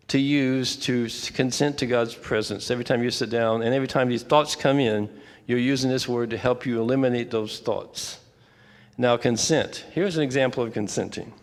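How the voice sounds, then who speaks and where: An older man leading a church prayer workshop, talking in a relaxed, conversational way with frequent asides and restarts. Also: medium pitch, big-room sound. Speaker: workshop leader. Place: church fellowship hall.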